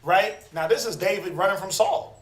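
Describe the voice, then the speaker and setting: A man teaching a Bible class, animated and talking with his group, acting out the voices of the people he quotes and calling for responses. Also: high voice, moderate pace. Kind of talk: interactive scripture class. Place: room with class members. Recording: echoey room.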